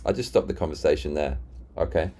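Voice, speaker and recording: A man with a very low, deep voice chats casually on a live stream. He rambles, restarts sentences and retells arguments with friends. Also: fairly quick, warm tone. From Britain. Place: London.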